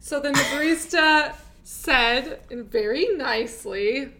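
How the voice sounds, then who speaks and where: A woman's voice: high voice, slow, noisy background. Wry female podcast host, casual. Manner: relaxed, wry, swears casually. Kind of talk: casual chat.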